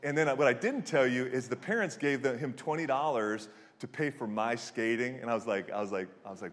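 Pastor in his forties, mid-pitched, preaching casually with stops and restarts, long hall reverb. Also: brisk. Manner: conversational storytelling with frequent restarts and fillers. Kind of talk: sermon.

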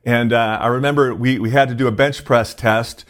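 Guy pastor giving a chill sermon, normal pitch, lots of uhs and um, kinda rambly. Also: steady tone, normal speed. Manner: conversational, many fillers and restarts. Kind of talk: casual sermon.

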